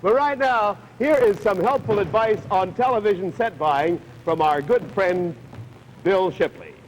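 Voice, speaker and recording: A man hosting a live television game show, chatty and brisk as he coaxes contestants through a stunt. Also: sits high, big-room sound, slight background noise, rough recording.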